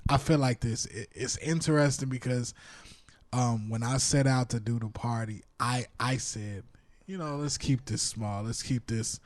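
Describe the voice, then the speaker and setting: A man's voice: mid-range voice, a little slow, dry recording. A man co-hosting a casual podcast, telling stories in a laid-back way and laughing often. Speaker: podcast co-host.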